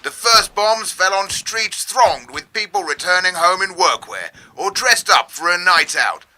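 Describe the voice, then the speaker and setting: A grave war correspondent, played by a man in a comedy news spoof. His voice is very bright and sharp, and his delivery is solemn and measured. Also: high-pitched, expressive, exaggerated voice. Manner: solemn reporting. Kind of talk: news parody.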